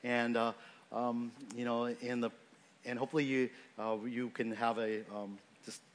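A man's voice: mid-range voice, flat delivery, normal speed. A man giving a sermon in a conversational, unscripted way, with frequent fillers and restarts as he explains a scripture passage. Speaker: pastor.

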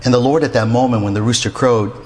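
A man preaching a sermon in an animated way, acting out the quotes he tells. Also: fast talker, slight background noise. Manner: animated, acts out quotes with rising pitch. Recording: long hall reverb.

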